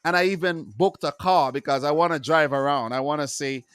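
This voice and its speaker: A man hosting his own football review channel, talking casually and loosely, full of asides and shout-outs to viewers. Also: fairly high pitch, fairly quick, clean tone, no room sound, clean studio sound. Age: adult with wife and three kids.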